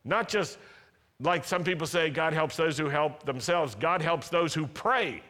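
A man's voice: a little high, measured pace, fairly bright tone, long reverb tail. A man preaching a sermon as a pastor, earnest, repeating phrases for emphasis and acting out prayers.

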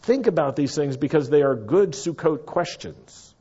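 Male preacher, sermon, husky voice, slightly muffled recording, hushed to loud delivery. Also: on the high side, animated, moderate pace. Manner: dynamic preaching, swings from quiet to loud exclamations. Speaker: pastor.

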